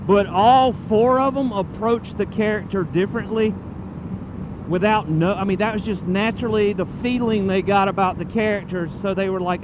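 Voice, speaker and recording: This motorcycle vlogger's voice sits high as he chats his way through town, digressing freely and dropping the occasional swear word. The helmet camera's mic records him outdoors on the road, and traffic noise runs underneath his casual, profane rambling.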